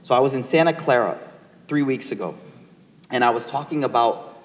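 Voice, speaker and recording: A man speaks as an author in an interview, his voice mid-pitched and sincere. He tells stories with emphatic conviction. The sound carries the long echo of a large mosque hall and is dull and lo-fi. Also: fairly quick. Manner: emphatic, earnest storyteller. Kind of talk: conversational interview with storytelling.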